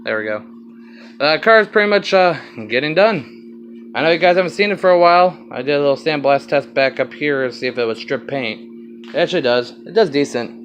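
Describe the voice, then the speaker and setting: A man's voice: medium pitch, fairly quick, highs cut off, soft background music. Rambling man with a slight Southern twang. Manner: rambling, casual, swears offhandedly. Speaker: vlogger showing his car project. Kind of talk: casual walkaround vlog.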